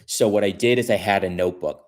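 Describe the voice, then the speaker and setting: A man's voice: low-pitched, quick pace, a little mellow. A man casually telling a long story on his stream. He repeats himself and restarts his sentences often. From Chicago area.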